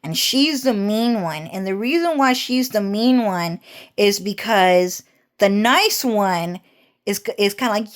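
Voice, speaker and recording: A young woman rambles through a story at an unhurried, drawn-out pace. She repeats herself, circles back, swears often and laughs mid-sentence. Her voice sits at an ordinary middle pitch. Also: animated. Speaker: vlogger.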